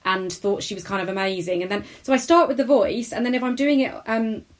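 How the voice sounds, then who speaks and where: A woman's voice: medium pitch, a little fast. A woman, a character comedian chatting as a guest in an interview, rambling and self-deprecating. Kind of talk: casual interview chat.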